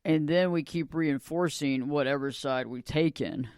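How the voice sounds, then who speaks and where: A man's voice: fairly high pitch, measured pace, a little mellow, clear, resonant tone, dry recording, studio quality. A man hosting a podcast interview, enthusiastic and often repeating words as he starts a sentence. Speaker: podcast host.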